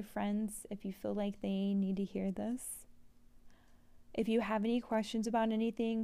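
A woman speaks at a slow, unhurried pace, reading oracle cards in a gentle, soothing way. She repeats each mantra and prompt carefully, at a mid-range pitch for a woman. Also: vocal fry. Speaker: podcast host, tarot reader.

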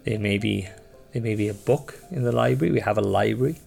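A man voicing a weary, dying woman who shelters travellers, with an attempted Scottish accent. She speaks haltingly, repeats herself and trails into sighs. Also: lowish voice, creaky, darkish tone, soft background music. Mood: hospitable. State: tired.

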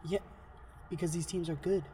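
A man's voice: on the high side, steady tone, normal speed, far from the mic, a crowd in the background. A man arguing heatedly in a casual chat, swearing often and cutting in. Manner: swears a lot, interrupts, heated.

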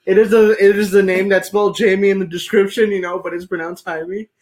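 A man's voice: high voice, little pitch movement, fast, darkish tone, slight background noise. A man co-hosting a casual podcast from a bedroom, giggly and teasing. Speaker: podcast co-host. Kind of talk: casual chat.

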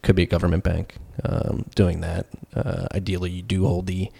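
Man, podcast co-host, casual debate, rambling, fillers, very low voice, vocal fry. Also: flat delivery, moderate pace, warm tone. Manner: rambling, full of fillers and self-corrections.

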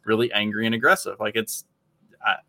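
A man's voice: lowish voice, fairly even intonation, fairly quick, sharp tone, no echo. A man co-hosting a podcast, talking casually and rambling with many fillers. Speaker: podcast co-host. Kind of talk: casual political commentary.

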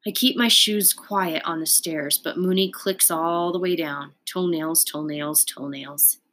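A woman reading a children's book aloud in a calm, unhurried way. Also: on the low side, a little hiss or hum. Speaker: storyteller.

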